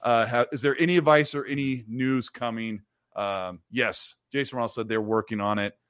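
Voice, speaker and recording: A man hosting a live gaming stream show chats casually and reads viewer messages aloud. His mid-range voice is fairly bright, clear and resonant, at a moderate pace, with clean studio sound and no room echo.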